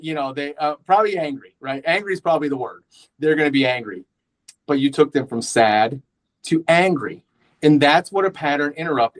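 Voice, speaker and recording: A man's voice: on the high side, low-quality recording. A man giving an informal sales training talk, conversational, often checking in with "right?" and restarting his sentences. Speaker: real estate sales trainer.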